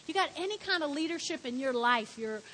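A woman preaching a sermon, telling the story with lively, animated delivery. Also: high voice, fairly quick, long reverb tail, a little hiss or hum, low-quality recording. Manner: animated storytelling, shouts in acted quotes.

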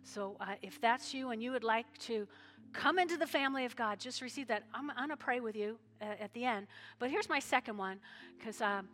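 A woman's voice: on the high side, brisk. A woman pastor, giving a folksy altar call and leading the congregation in prayer. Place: church sanctuary. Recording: live church sanctuary with long reverb and soft music.

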